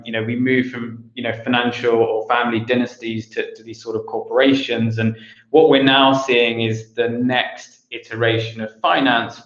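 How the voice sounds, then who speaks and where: A man's voice: medium pitch, a bit bright. A man giving an online conference presentation, hesitant with many fillers and restarts, on a video call mic with roomy, dull audio. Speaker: conference speaker.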